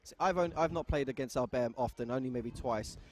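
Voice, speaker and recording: A man's voice: medium pitch, brisk, a little mellow. A man doing live sports commentary, teasing his co-host with dry humor and banter.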